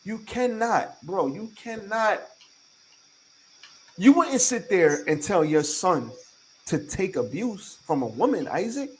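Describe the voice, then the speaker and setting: A man's voice: high-pitched, sing-song, slow pace, slight background noise, poor audio. A man hosting a podcast in casual chat, talking emphatically with a lot of profanity and repeating his points to lecture his listeners. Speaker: podcast host.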